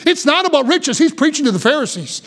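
A male pastor preaching a fervent sermon, sinking low and quiet for solemn warnings and rising when urging his hearers. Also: big pitch swings, fast.

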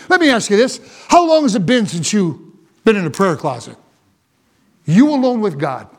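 A pastor preaching a fervent sermon, rising to shouts at times. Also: male voice, very high voice.

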